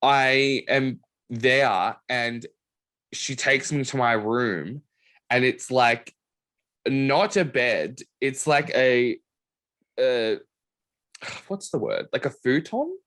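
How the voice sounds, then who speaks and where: A man hosting a podcast, telling a story in casual chat with animated delivery. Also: drawn-out words, pauses often. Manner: animated storytelling, lively pitch swings. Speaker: podcast host.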